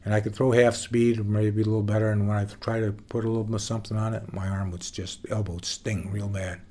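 Guy with a lowish voice telling old baseball stories in an interview, laid-back, swears a bit. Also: fast. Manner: folksy, relaxed retelling with plain swearing. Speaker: former baseball pitcher interviewee. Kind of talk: casual storytelling interview.

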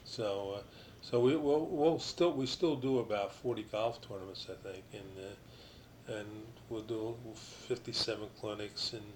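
An older man from New Jersey, a retired baseball pitcher, telling rambling stories as an interview guest, full of restarts and you-knows. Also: a little slow, background noise.

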